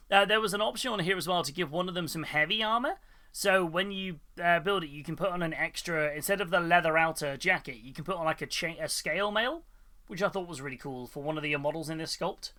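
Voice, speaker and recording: Man, high bright voice, casual live-stream chat, lots of ums, laughs a lot. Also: a little fast. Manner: chatty, many fillers, laughs often. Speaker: hobby stream host.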